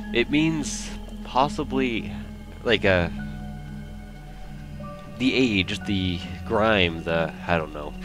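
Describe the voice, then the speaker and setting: A young man with a low voice rambles through gameplay commentary, thinking aloud as he builds. He drifts into half-remembered trivia and teases himself. Faint game music plays behind him. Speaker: let's play gamer.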